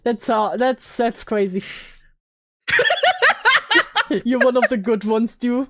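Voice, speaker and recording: A woman with a slightly high voice chats loosely on a stream. She jokes crudely and keeps breaking into laughter as she reacts along with a co-host. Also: fairly even intonation, normal speed, very noisy. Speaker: VTuber streamer. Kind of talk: casual stream chat.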